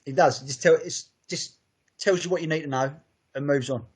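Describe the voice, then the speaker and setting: Male podcast co-host, slightly high voice, enthusiastic and profane. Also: moderate pace, breathy edge. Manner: sweary, enthusiastic, rambling. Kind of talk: casual chat.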